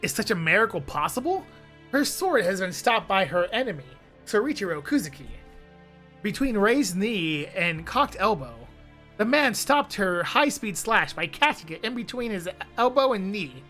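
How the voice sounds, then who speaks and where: A woman reads a visual novel aloud on her stream, her bright voice leaping all over the scale. She keeps slipping into playful asides and jokes between passages. Soft music runs faintly underneath. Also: mid-range voice, normal speed. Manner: animated, breaks off with laughs and asides. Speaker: streamer and narrator.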